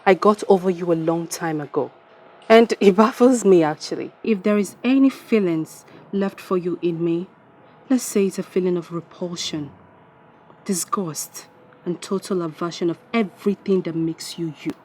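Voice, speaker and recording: An actress playing a jilted ex-wife turned caterer, speaking with a Nigerian accent in a defiant, scornful way. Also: female voice, fairly low pitch, moderate pace, a little mellow, a little hiss or hum, natural voice. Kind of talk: film drama acting.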